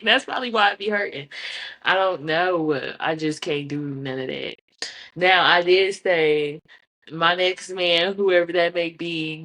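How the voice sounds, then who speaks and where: A woman's voice: on the low side, fairly bright tone. A young adult woman, hosting a candid chat show, talking bluntly and often breaking into laughter. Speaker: podcast host. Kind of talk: casual candid chat to camera.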